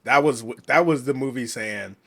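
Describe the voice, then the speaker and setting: A man's voice: mid-range voice, normal speed. A man co-hosting a podcast in casual, laid-back, joking chat. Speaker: podcast co-host.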